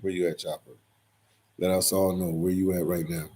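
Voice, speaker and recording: A man's voice: low voice, little pitch movement, normal speed, warm tone, slightly rough. A man hosting a casual livestream, reading viewers' comments aloud and answering them, often repeating his phrases.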